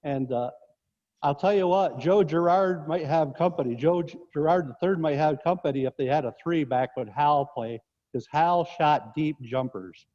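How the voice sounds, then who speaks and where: A man's voice: fairly high pitch, moderate pace, a little mellow. A man, a former basketball coach from northern New York, telling rambling anecdotes on a sports talk show. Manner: rambling anecdotes with restarts, chuckling. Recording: dull lo-fi audio in a reverberant space.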